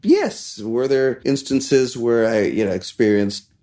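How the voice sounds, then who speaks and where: Man from india, chef guest telling stories, animated, laughs a lot. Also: slow pace. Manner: animated, laughs often, shifts pitch for quoted voices. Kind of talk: casual interview storytelling.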